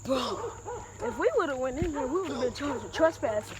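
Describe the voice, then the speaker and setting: A woman's voice: high voice, lively intonation, normal speed, over a noisy crowd. A woman vlogging while walking around a neighborhood, chatty and slangy, often out of breath. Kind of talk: casual handheld exploring vlog. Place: outdoors in a neighborhood. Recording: noisy outdoor phone audio.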